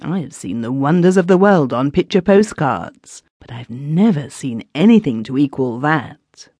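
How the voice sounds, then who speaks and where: A woman's voice: low voice, lively intonation, unhurried, mellow, husky, dry recording. A woman narrating a classic story in the first person as a villager, recorded on a close studio mic. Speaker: audiobook narrator.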